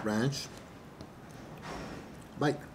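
A man doing a casual eating review to camera, relaxed and hesitant, with many fillers and chewing pauses, a little away from the mic. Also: slight background noise. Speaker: mukbang vlogger. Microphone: camera mic at table distance.

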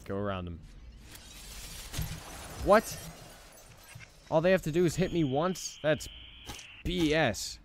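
A man's voice: a little high, very animated, slow pace, pauses often, a little hiss or hum. A young man giving let's play commentary as he plays, frustrated, swearing and repeating himself. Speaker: gaming channel host.

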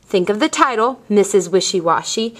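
A woman teacher reading a picture book aloud to young children and asking them questions in a clear, patient way. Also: mid-range voice, animated, moderate pace.

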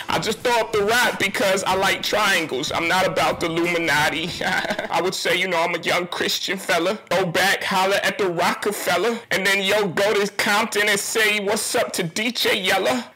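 A man's voice: high voice, steady tone, normal speed, sharp tone, soft background music, voice pushed up, rough recording. A man doing an impression of a swaggering male rapper who talks in slangy, rhyming boasts. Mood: boastful.

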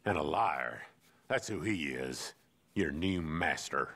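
An actor voicing a gruff, menacing male outlaw quest-giver in a video game, with slow, contemptuous speech. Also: very deep voice, lively intonation, a bit bright, full character voice. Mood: scornful.

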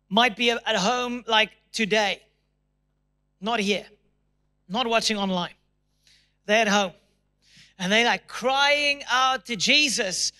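A man preaches a sermon to his congregation. His voice sits very high and rings bright and forceful. He is emphatic, and he acts out people's prayers in a raised, pleading voice. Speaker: pastor. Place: church auditorium.

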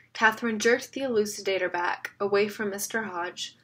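A woman narrating a novel in a steady storytelling manner. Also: mid-range voice, moderate pace, few pauses, breathy edge. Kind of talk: audiobook reading.

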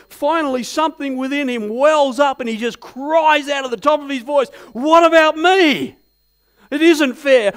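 A man preaching a sermon as pastor in a church, asking the congregation many rhetorical questions and telling stories with animation. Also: extremely high pitch. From Australia. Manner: animated storytelling.

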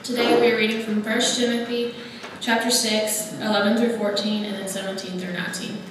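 A woman reading a scripture passage aloud during a church service, in a measured, even manner. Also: medium pitch, recorded from a distance, slight background noise. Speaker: scripture reader. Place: church sanctuary. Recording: echoey church hall from afar.

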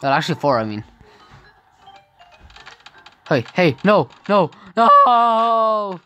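A woman's voice: medium pitch, very animated, slow, bright, forceful tone, highs cut off, faint music behind. A woman giving casual gameplay commentary, often exclaiming in frustration and laughing at the game. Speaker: gaming video creator.

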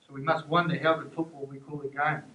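A man's voice: on the high side, little pitch movement, fast, pushed and bright. Earnest New man, echoey room. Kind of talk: speech to a group.

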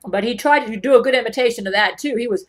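A woman's voice: a little high, quick pace. A woman in a personal vlog monologue, talking earnestly and meandering, often restarting her sentences. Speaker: vlogger. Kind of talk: rambling personal monologue to camera.

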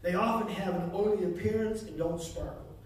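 A man with a very high voice delivers a fervent sermon, hammering phrases again and again. He sounds set back from the microphone, and his words ring through a big, echoing church hall. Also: fairly quick, darkish tone. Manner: fervent, repeating phrases for emphasis. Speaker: pastor. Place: church sanctuary. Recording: echoey hall, voice from far off.

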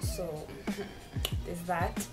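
A woman's voice: fairly low pitch, huge pitch swings, extremely slow. A young woman vlogging casually from home, chatty and self-mocking, laughing often as she talks to her camera. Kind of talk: casual vlog chat. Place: home bathroom. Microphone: camera set nearby. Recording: clear background music under the voice. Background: background music.

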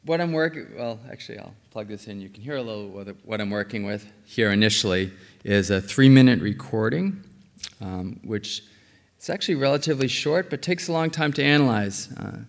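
A man giving an academic conference talk on linguistics, explaining step by step with frequent ums and uhs. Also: mid-range voice. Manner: explanatory, frequent ums and uhs, says okay between points. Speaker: linguistics lecturer. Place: lecture hall. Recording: reverberant hall.

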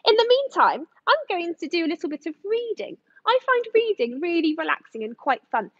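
A woman educator reading a rhyming story aloud to children, in an expressive sing-song manner. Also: very high-pitched, brisk, no room sound, lo-fi sound.

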